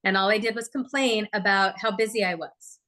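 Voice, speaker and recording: A woman coaching a room of listeners in a chatty, lively way, with a pitch that sits in the middle. She often stops to ask the audience questions. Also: brisk. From Oregon, USA. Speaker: real estate trainer. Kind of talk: live training talk.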